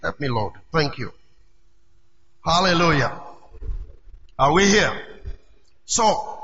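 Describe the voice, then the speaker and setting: A man preaching a sermon as pastor, emphatic and calling out to his congregation, now and then shouting key lines. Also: on the high side, sing-song, takes it slowly, pauses often. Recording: roomy hall echo, dull lo-fi sound.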